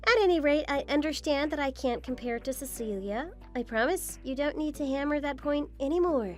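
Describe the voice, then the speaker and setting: A woman's voice: high-pitched, expressive, a little fast, faint music behind. A woman voicing a patient, apologetic young daughter-in-law in a scripted story drama. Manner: apologetic, polite, gently defensive.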